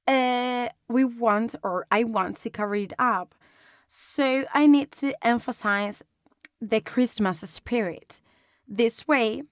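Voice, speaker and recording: A woman explaining a design lesson step by step in a calm, instructional way, recorded as a close voice-over. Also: a little high, no echo. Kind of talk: online lesson narration.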